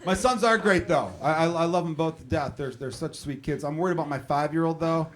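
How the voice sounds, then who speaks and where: A man's voice: a little high, brisk, slight background noise. A man in his thirties doing a stand-up routine on a comedy club stage, talking to the crowd in a conversational, profane way. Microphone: handheld stage mic. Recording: live club, audience laughing. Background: audience laughter.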